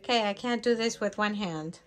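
A woman's voice: medium pitch, fairly quick, background noise. A woman vlogging at home, chatting casually and cooing in baby talk to her pet monkeys. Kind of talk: casual vlog chat.

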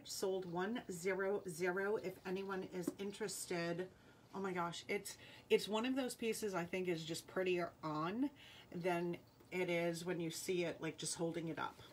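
A woman's voice: medium pitch, slight background noise. A woman with a Rhode Island accent hosting a live jewelry sale, chatting casually and reading out viewer names and playing cards. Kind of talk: live-stream sales chat.

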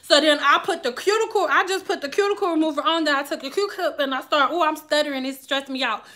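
A woman vlogger telling a story to her viewers in a candid, animated, profane way. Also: sits high, fast talker. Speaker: vlogger and hair stylist. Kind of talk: casual storytelling to camera.

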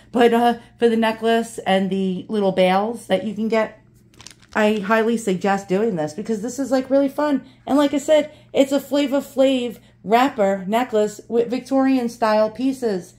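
A woman's voice: on the high side, fairly even intonation, measured pace, darkish tone. Blunt, cussing woman vlogger. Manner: blunt, indignant, swears freely. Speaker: antique jewelry vlogger. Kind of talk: casual unboxing vlog.

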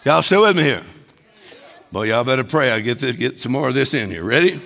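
A man preaching a sermon as a guest speaker, emphatic and building to shouted declarations. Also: mid-range voice, lively intonation, a little fast, vocal fry, in a large hall.

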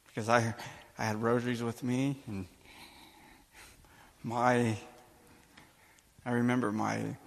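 A male priest giving a sermon, telling a personal story with animated, emphatic delivery and acting out the dialogue. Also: mid-range voice, vocal fry. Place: church or conference hall. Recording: long hall reverb.

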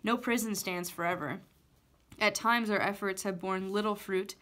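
Reading a novel chapter to listeners, a teacher keeps her mid-pitched voice steady and plain, moving at a normal speed in a calm storytelling manner.

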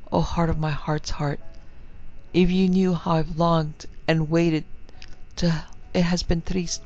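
A man's voice: fairly high pitch, darkish tone, muffled recording. A man voicing the tender ghost of a young girl, trembling and yearning, in a storybook reading. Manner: trembling, yearning, archaic speech.

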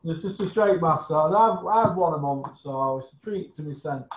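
A man's voice: fairly high pitch, moderate pace, slight background noise. A man hosting a casual chat show, jokey and chatty. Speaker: host. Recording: echoey dull room sound.

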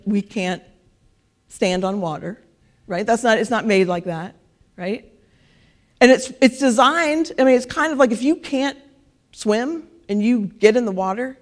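A woman preaching a casual sermon in church, talking conversationally and often checking in with "right?". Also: on the high side. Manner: conversational, keeps asking "right?".

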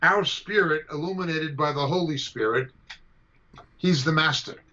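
Forceful, combative male Bible teacher. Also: fairly high pitch, normal speed. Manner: forceful, combative, repeats key points. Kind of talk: emphatic teaching answer to a question. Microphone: video call. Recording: dull lo-fi video call audio.

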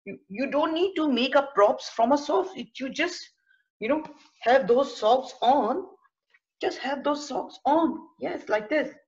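A woman gives a storytelling lesson for early-years teachers, explaining her ideas at an unhurried, slow pace. She pauses often with fillers as she goes. The recording sounds dull and lo-fi. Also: high-pitched, lively intonation, a little mellow.

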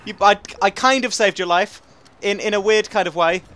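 A young man with an English accent giving casual, rambling commentary over a game, excitable and laughing often. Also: high voice, moderate pace. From England. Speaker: gaming commentator.

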